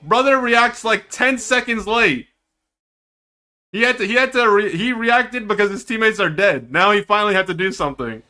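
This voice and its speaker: A man streaming himself reacting to an esports match, excitable and teasing, with drawn-out dramatic groans. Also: sits high. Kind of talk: casual live-stream reaction commentary.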